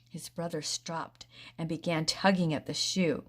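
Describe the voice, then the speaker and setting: A woman narrating a children's storybook in a steady, expressive way. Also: fairly low pitch, normal speed. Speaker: audiobook reader.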